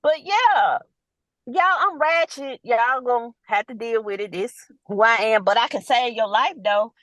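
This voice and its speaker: A woman, a nurse, ranting bluntly and profanely in casual chat, loud and animated. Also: a little high, unhurried, no echo. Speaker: nurse, guest.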